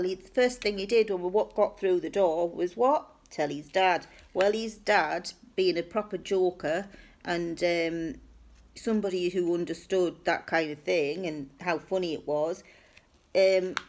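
A woman telling a funny personal story in a casual, self-mocking way. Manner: chatty, self-mocking, acts out her own high cheery replies.

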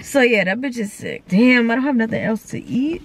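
A woman's voice: on the high side, moderate pace, hardly any pauses, a little hiss or hum. A young woman, chatting casually to camera and telling stories full of quoted voices. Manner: animated storytelling with quoted voices and laughs. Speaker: vlogger.

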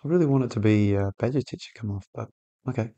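A man's voice: mid-range voice, fast talker, highs cut off. A man hosting a football management game video, chatting casually and getting worked up at the match on screen. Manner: excitable, shouts at players on screen. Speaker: gaming channel host. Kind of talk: casual gameplay commentary.

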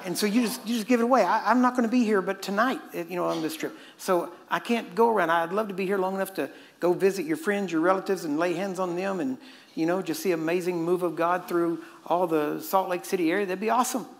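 A middle-aged preacher from Texas, delivering a sermon in a fast, joking, conversational way. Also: male voice, high-pitched, vocal fry. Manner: fast-talking and joking with the audience.

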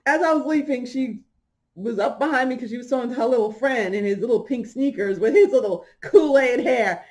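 This middle-aged podcast host shares a personal story in a relaxed way, frequently laughing and acting out the people she quotes. Her pitch is fairly high and her delivery brisk.

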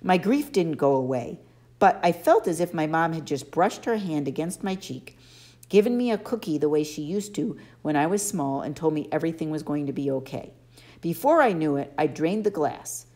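Woman, audiobook narrator, expressive storytelling, lowish voice. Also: moderate pace. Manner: expressive first-person storytelling. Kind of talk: audiobook reading.

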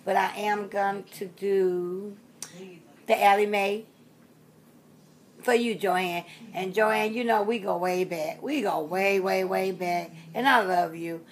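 Slight background noise sits under this reborn doll collector's rambling vlog talk. She's a chatty woman in her sixties who repeats herself and trails off into fillers, speaking slowly in a medium-pitched voice with fairly even intonation.

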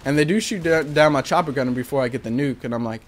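A young man talks over his gameplay footage in a relaxed, offhand voice-over. His voice sits at an everyday middle pitch. He swears freely, jokes and pokes fun at himself as he narrates. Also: fast talker, a little hiss or hum. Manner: candid, profane, joking, self-mocking. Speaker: gaming commentator. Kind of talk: casual voice-over commentary on gameplay.

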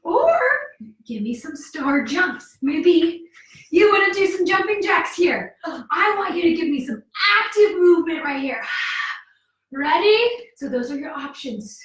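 A woman's voice: very high-pitched, animated, measured pace, a bit bright. A woman teaching a yoga class for kids, coaxing and cheerful, counting moves aloud and a little out of breath. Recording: echoey room, voice from far off.

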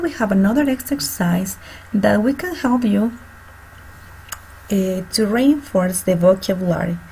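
Gravelly-voiced woman teaching kids. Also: medium pitch, a little mellow, low-quality recording. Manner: slow, repeats and spells out words for students. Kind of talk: online class instruction. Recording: faint background noise.

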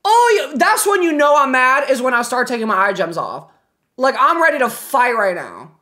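Animated, shrieking woman game streamer. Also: high-pitched, normal speed. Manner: loud, dramatic reactions with shrieks and heavy swearing; chats with viewers and thanks subscribers. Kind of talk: live game-stream commentary.

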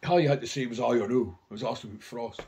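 A man's voice: mid-range voice, rapid-fire, darkish tone. A man casually rambling through anecdotes about his record collection, swearing constantly.

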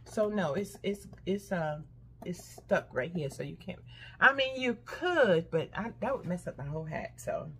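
An older woman with a husky, lowish voice chats casually with her viewers about her shopping haul, speaking a little slowly but animatedly. As a haul vlogger, she addresses them directly and squeals with delight.

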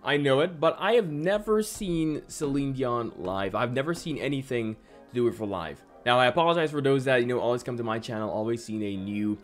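A man from the Caribbean hosting a reaction channel, talking in a casual, excitable and apologetic way, often stammering and repeating himself. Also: mid-range voice, a little fast, soft background music. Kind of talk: casual music reaction commentary.

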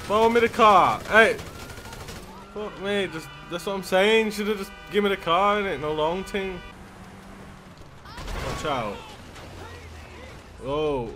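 A male gaming YouTuber giving gameplay commentary, excitable and yelling and swearing at other players. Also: sits high, a little hiss or hum.

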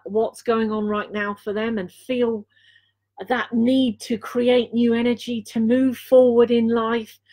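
A woman's voice: on the high side, mellow. Earnest woman giving an intuitive reading. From Dorset, England. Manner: earnest, repeats key phrases, frequent filler pauses. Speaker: intuitive reader and healer. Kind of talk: live intuitive card reading.

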